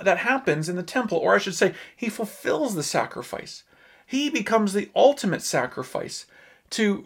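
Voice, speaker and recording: A man's voice: sits high, fairly bright tone. Earnest male pastor preaching emphatically. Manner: earnest, emphatic preaching with pauses on key words. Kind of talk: sermon.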